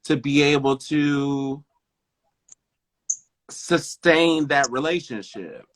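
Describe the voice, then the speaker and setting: A man's voice: a little high, slow. A man co-hosting a podcast in casual chat, talking emphatically and often checking in with "you know what I mean". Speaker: podcast co-host.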